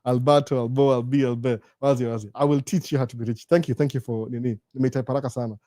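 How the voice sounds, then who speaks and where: A man's voice: mid-range voice, fast, no room sound. Chatty Kenyan man, dry close sound. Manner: chatty, animated, jokey asides. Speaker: live-stream host. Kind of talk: casual live Q&A chat. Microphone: studio microphone.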